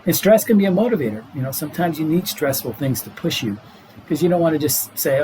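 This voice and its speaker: A man's voice: on the high side, expressive, quick pace, mellow, a little hiss or hum, low-quality recording. A middle-aged man, a doctor guest on a podcast, explaining health matters in an earnest, casual way and laughing easily.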